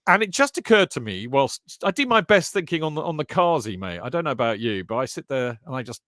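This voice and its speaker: A man's voice: mid-range voice, fast talker, no echo, clean studio sound. A man co-hosting a football podcast, chatting casually with friends, bantering, restarting sentences and calling people mate. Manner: animated, banter-filled, stammering restarts, calls others mate. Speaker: podcast co-host.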